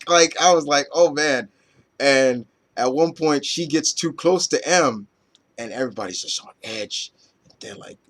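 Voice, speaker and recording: A man's voice: medium pitch, a bit bright. A man reviewing comic books in a loose, rambling chat full of fillers and casual swearing.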